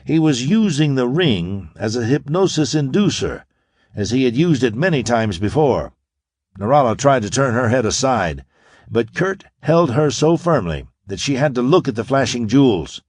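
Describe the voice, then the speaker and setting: Lively male audiobook narrator. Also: medium pitch, moderate pace, no room sound, clean studio sound. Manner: steady, dramatic storytelling. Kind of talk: scripted narration.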